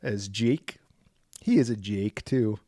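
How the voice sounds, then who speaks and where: A man's voice: fairly low pitch, takes it slowly, mellow, dry recording, studio quality. A man co-hosting a casual horror podcast, joking and laughing often as he runs through a film's cast list. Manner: joking, reads cast lists with asides. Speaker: podcast co-host. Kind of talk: casual chat.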